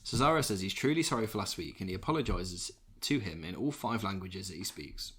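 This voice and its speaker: A man's voice: sits low, expressive, brisk, fairly bright tone, husky. A man co-hosting a wrestling podcast, reading match recaps and then chatting loosely.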